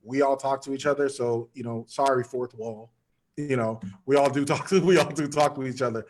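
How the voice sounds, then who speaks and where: A man's voice: medium pitch, steady tone, fairly quick, darkish tone. A man hosting a podcast panel over a video call, joking and chatting casually while steering the talk. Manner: playful, joking, affirming others often. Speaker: podcast host.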